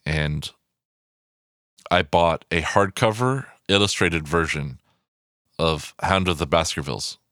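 A man in his thirties hosting a podcast, talking in an excitable, rambling way, swearing a lot and going off on asides. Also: deep voice, dry recording, studio quality. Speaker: podcast host. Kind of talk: casual podcast monologue. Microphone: podcast microphone.

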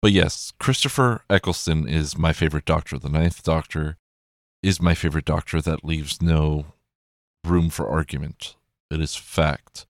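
A man's voice: rumbling low, normal speed, no room sound, clean studio sound. A man chatting casually and rambling, with plenty of swearing and self-corrections.

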